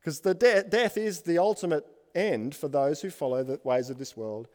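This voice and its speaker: A man delivers a sermon from the pulpit, his voice sitting a little higher than most men's. He drives his points home with repeated lists and turns to the congregation with questions. The sound carries a long reverb from the hall. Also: normal speed, darkish tone. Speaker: pastor.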